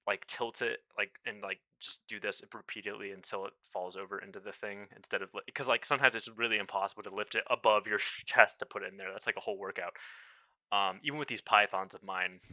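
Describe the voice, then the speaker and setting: A young man spins a loose, casual story about his job, padding it with fillers and wry jokes at his own expense. His voice is sharp and bright and sits a little low. The recording is close and completely dry. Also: steady tone, quick pace, no echo. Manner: rambling, filler-heavy, wry self-deprecating. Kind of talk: casual anecdote monologue.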